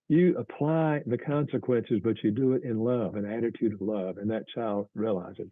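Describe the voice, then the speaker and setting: An earnest male guest explains family advice in a measured, teacherly way, with a fairly low voice. He speaks over a tinny, phone-like line that sounds dry and close. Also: steady tone, dry recording. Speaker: author and guest. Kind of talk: advice in an interview.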